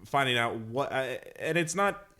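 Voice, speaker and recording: A man's voice: mid-range voice, expressive, normal speed, bright, forceful tone. A man hosting a tabletop gaming podcast, chatting casually and rambling with many fillers and restarts. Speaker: podcast host.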